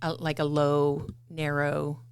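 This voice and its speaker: A woman co-hosting a library podcast, chatting casually and often pausing with fillers as she thinks aloud. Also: low voice, monotone, darkish tone, clean tone, no room sound. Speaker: podcast co-host. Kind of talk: casual chat.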